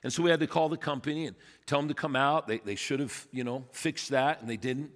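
A man's voice: medium pitch, fairly quick, fairly bright tone. A man preaching a sermon as pastor, emphatic and questioning his congregation. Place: church sanctuary. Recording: long reverb of a church hall.

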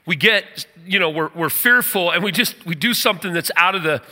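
A middle-aged man preaching a sermon, telling a personal story with animated energy. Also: high voice, a little fast, long reverb tail. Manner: animated storyteller, rises to near shouting at the story's climax.

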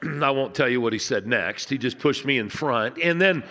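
A man's voice: expressive, normal speed, few pauses. Storytelling male pastor in a reverberant hall. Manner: storytelling, conversational, dips low and soft for emphasis. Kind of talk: sermon.

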